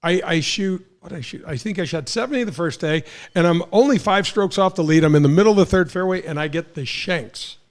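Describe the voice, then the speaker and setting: A man in his sixties from St. Louis, Missouri, hosting a casual chat and telling animated anecdotes with acted-out quotes and frequent restarts. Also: high voice, brisk, few pauses. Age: 60s. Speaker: host, former pro golfer.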